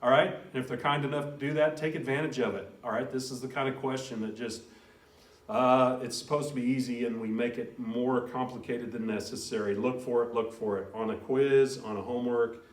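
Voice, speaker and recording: A middle-aged man teaching a college algebra lecture, animated and telling stories, shouting out key words now and then. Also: mid-range voice, brisk. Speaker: college math instructor. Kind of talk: recorded math lecture. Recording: very echoey room, voice from far off.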